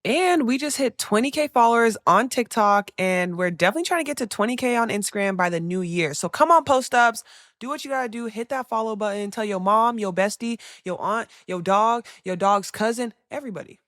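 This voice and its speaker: A woman's voice: a little high, brisk, fairly bright tone, no echo, studio quality. A woman in her twenties co-hosting a podcast, teasing and upbeat in casual chat. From United States. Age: 20s. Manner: teasing, upbeat, playfully hyped. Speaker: podcast co-host.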